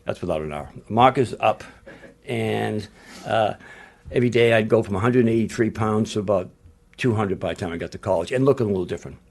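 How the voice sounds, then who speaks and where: A man's voice: on the low side, a little fast, creaky. An older man, a retired basketball coach, telling stories in a casual interview, blunt and rambling, with frequent restarts and salty language.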